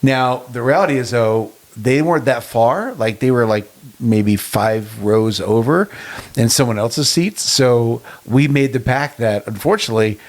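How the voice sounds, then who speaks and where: A middle-aged man co-hosting a casual podcast, telling an animated travel story with chuckles. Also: mid-range voice, unhurried. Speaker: podcast co-host. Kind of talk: casual chat.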